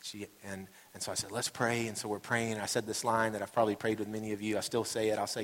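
A pastor gives a conversational sermon in a church sanctuary, telling stories and acting out what people say in their voices. His lowish voice is flat, quick and a bit bright with hardly any pauses, and the hall sound is reverberant.

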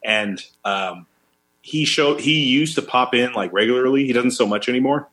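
Animated storytelling man in his thirties. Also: mid-range voice, moderate pace. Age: 30s. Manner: animated storyteller, acts out quotes. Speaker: podcast co-host. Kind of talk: casual chat.

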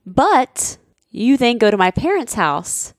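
A woman's voice: on the high side, sing-song, slow pace, dry recording, studio quality. A woman co-hosting a casual podcast, mostly reacting with short replies. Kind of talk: casual chat.

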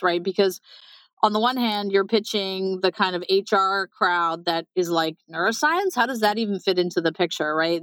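A woman startup founder being interviewed, talking quickly with lots of fillers and acted-out quotes. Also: medium pitch, dry recording, poor audio. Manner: fast, animated, many fillers and quoted asides. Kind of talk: conversational interview.

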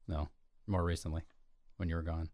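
A man's voice: rumbling low, level tone, fairly quick, mellow, no room sound, clean studio sound. A man co-hosting an entertainment podcast in casual, teasing chat. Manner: joking, teasing. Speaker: podcast co-host. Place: Chicago area.

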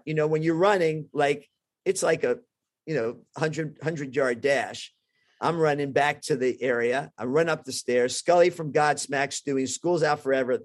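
Man, middle-aged, slightly high pitch, lively anecdote telling, lots of restarts. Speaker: guest, orthopedic surgeon. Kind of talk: animated storytelling.

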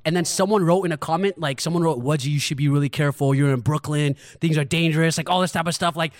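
Fast, high-voiced male podcast host. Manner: animated storyteller, laughs often. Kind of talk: casual chat.

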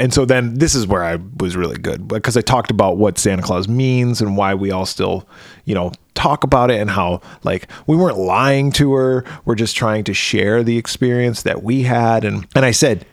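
A man's voice: fairly low pitch, normal speed, no echo, clean studio sound. A middle-aged man, co-host of a podcast, telling a swear-filled story and acting out the quotes. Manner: profane storytelling with acted-out quotes. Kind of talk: casual podcast chat.

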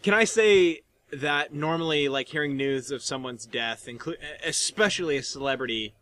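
A man's voice: a little high, moderate pace. A man co-hosting a podcast, chatting casually and animatedly, swearing freely and retelling comedy bits. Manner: animated, swearing, mimics accents while retelling. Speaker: podcast co-host. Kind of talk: casual chat.

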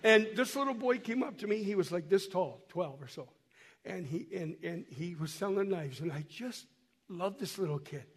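A high-voiced man speaks to a church in a folksy storytelling way, stumbling over and repeating his words as he shows photos. He is hoarse from a cold. His voice carries a long echo through the church hall. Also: lively intonation, normal speed. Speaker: missionary guest speaker. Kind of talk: storytelling talk to a church while showing photos.

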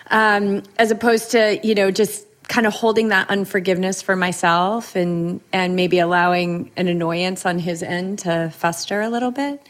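A woman hosting a podcast, chatting casually in a lively, self-deprecating way with quick bursts of speech. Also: mid-range voice. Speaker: podcast host.

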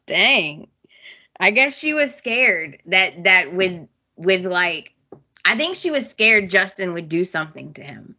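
A woman's voice: on the low side, big pitch swings, slow pace, pushed and bright, dull audio. A woman co-hosting a podcast, chatting about soap opera episodes, laughing often and quoting the characters. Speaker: podcast co-host. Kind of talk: casual soap opera recap chat.

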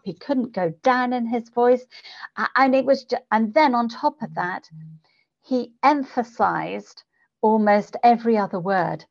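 A woman who coaches public speakers, talking in an interview and changing her pitch and volume to demonstrate delivery. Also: unhurried, gravelly. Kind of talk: conversational interview. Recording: dull lo-fi podcast audio.

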